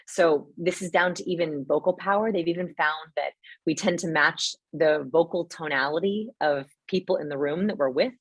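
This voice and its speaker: A young adult woman answering webinar questions as a guest expert, animated and explanatory, often checking in with "right?". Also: low-pitched, slightly rough, dry recording. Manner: animated, explains with quick asides and rhetorical "right?". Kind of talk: live webinar Q&A.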